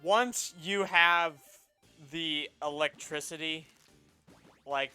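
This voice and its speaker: Bright clear-voiced guy streaming games, laughs a ton, animated stories, faint music behind. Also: fairly high pitch, takes it slowly. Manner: laughs often, animated storytelling. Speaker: co-host of a gaming stream. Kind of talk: casual chat while gaming.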